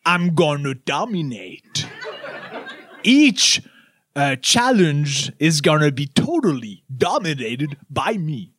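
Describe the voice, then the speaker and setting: Man, French accent, native French speaker, high voice, slow pace, over-enunciates, laughs a lot. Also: sing-song, fairly bright tone, dry recording, clean studio sound. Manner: laughing often, over-enunciating each syllable. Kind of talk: improvised comedy bit.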